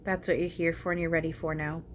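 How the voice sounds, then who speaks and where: Woman channeler, lowish voice, soft and halting, swears casually, faint background noise. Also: flat delivery. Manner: soft-spoken and hesitant, with frequent ums and casual swearing. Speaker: spiritual channeler. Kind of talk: spiritual channeling monologue.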